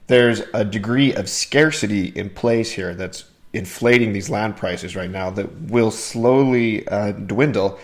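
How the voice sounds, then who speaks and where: A man's voice: lowish voice, a little slow, few pauses. A man hosting a crypto video channel, talking casually and enthusiastically to his viewers as he walks them through a topic. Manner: enthusiastic, addresses viewers as "you guys". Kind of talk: casual explainer talk to camera.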